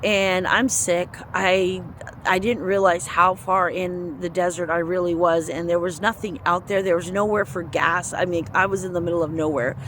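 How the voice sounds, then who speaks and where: An earnest speaker tells a personal story of faith in a loose, casual ramble, often acting out their own thoughts. The voice sits at a middle pitch. Faint passing vehicles can be heard outdoors. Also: little pitch movement, moderate pace, a bit bright, a little hiss or hum. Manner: earnest, rambling retelling with quoted inner speech. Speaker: storyteller sharing a faith testimony. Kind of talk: casual spoken testimony.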